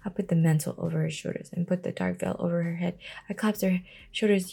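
A woman's voice: fairly low pitch, fairly even intonation, fast, vocal fry, mellow, breathy edge. A woman reading a novel aloud at bedtime, casually, stumbling and restarting often. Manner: reads with frequent stumbles and restarts.

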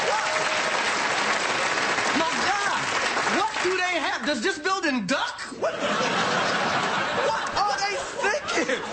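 A man doing a stand-up monologue on a TV studio stage, loud and repeating his punchlines. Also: extremely high pitch, very noisy. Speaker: stand-up comedian. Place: TV studio stage with live audience. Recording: live show with loud crowd laughter. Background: audience laughing and cheering.

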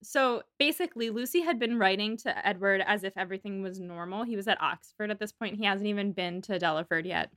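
Woman co-host, casual book chat, bright voice, dry close sound. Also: mid-range voice, no room sound. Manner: chatty, reads passages aloud, quick asides. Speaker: podcast co-host. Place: apartment room in a city.

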